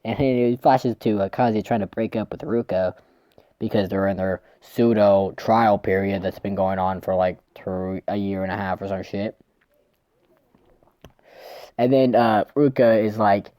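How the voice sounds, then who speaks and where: A man's voice: fairly low pitch, steady tone, measured pace, dark tone, dry recording, clean studio sound. A man casually recapping a manga chapter, rambling, swearing and tripping over his words. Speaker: manga reviewer.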